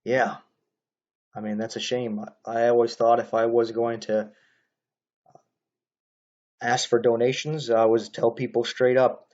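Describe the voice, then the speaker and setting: A man's voice: medium pitch, level tone, unhurried, long pauses, a little mellow, highs cut off. A man talking casually into his own camera, commenting on another preacher's video in a rambling monologue full of fillers and restarts.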